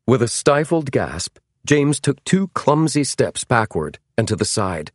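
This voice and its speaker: Lively low-voiced male audiobook narrator. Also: measured pace, no echo, studio quality. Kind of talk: scripted narration.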